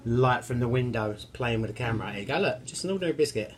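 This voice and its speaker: A man talks through his home baking in a loose, chatty vlog. He rambles cheerfully and jokes at his own expense, and his voice sits at an ordinary middle pitch. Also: expressive, fast talker, a little hiss or hum. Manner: cheerful, rambling, self-mocking. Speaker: home cooking vlogger. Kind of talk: casual chatty cooking vlog.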